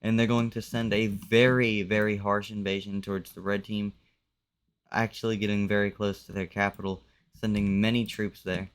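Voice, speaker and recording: A man's voice: lowish voice, clean tone. A man casually narrating a map simulation in a loose, conversational way, often saying "like". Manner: loose, conversational, uses "like" a lot. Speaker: commentator.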